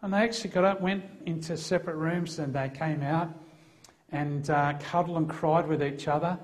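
A man's voice: fairly high pitch, fairly even intonation, moderate pace. A middle-aged Australian man, a Christian police officer, telling an emphatic testimony as a preacher. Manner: earnest, emphatic storytelling.

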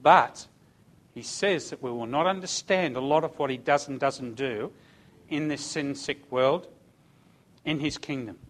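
A man's voice: mid-range voice, measured pace. Man preaching a personal testimony. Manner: storytelling, swinging from hushed to shouting. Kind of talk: sermon testimony.

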